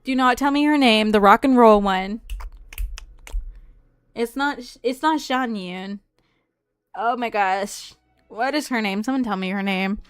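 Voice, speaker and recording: A woman's voice: medium pitch, slow pace, pauses often, clean tone, no echo. A young woman from the Southern United States giving casual gameplay commentary as a streamer, chatty and rambling, often trailing off and restarting.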